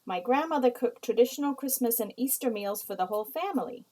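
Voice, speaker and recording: Female writing teacher, a touch high-voiced, patient and explanatory delivery. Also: expressive, warm tone, poor audio. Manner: slow, explanatory, reads example sentences aloud. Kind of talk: recorded writing lesson.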